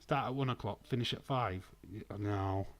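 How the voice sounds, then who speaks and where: A man's voice: on the low side, moderate pace. Rambling, jokey Welsh man streaming. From Wales. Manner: rambling, jokey, swears, laughs often. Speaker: streamer hosting a wrestling watch-along. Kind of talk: casual stream commentary.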